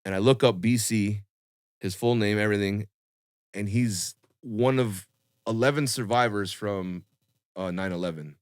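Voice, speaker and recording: A young man telling a long personal story on a podcast in a casual, animated way, full of swearing and fillers. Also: on the low side, unhurried, no echo, studio quality. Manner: animated, swearing, lots of fillers, acts out quotes.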